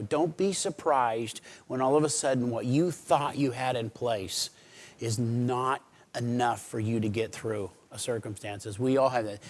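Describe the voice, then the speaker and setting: A middle-aged man preaching a sermon, earnest and conversational. He has a voice of medium pitch and swings from loud emphasis to quiet, pleading asides. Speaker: pastor.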